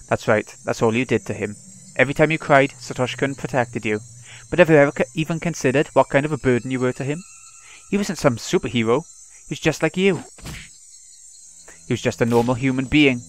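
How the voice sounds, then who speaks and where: A man's voice: mid-range voice, fast, close to an everyday voice. A man reading as a cruel, taunting teenage girl. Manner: cold, taunting, mocking.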